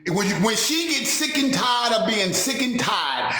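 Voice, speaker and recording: Ranting Baltimore man, high bright voice. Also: very animated, unhurried, very echoey. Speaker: caller on a live stream. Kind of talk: ranting call-in.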